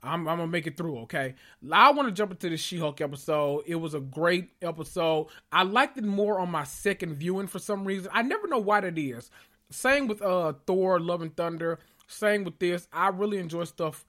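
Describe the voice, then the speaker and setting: A man hosting a casual podcast, excitable and swearing freely as he calls out to listeners, a little out of breath and sweating after a big meal. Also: a little high. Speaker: podcast host. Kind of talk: casual pop-culture recap podcast.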